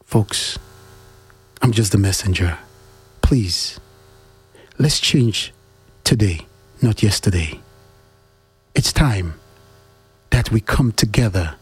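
A man giving a heartfelt motivational monologue to his listeners, preachy and repetitive, with his pitch jumping up to stress his questions. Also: animated, slow, long pauses, slightly rough. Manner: preachy, repeats questions, swings pitch up for emphasis.

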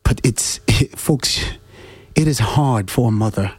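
Husky man giving a preachy monologue. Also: takes it slowly, a little mellow, no room sound. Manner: preachy, repeats questions, swings pitch up for emphasis. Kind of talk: heartfelt motivational monologue.

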